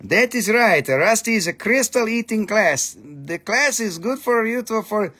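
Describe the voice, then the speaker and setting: A tired man hosting a late-night live crystal sale, joking and swearing in loose, non-native English as he pitches each piece. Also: unhurried, husky. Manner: playful, joking and profane, with non-native phrasing; animated, jumps between teasing and pitching. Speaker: crystal seller hosting a live sales stream. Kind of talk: casual live sales chatter.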